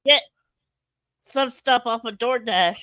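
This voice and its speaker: A woman's voice: fairly high pitch, takes it slowly, pushed and bright, no room sound. A woman guesting on a livestream, giving short, hesitant answers. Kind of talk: casual livestream chat.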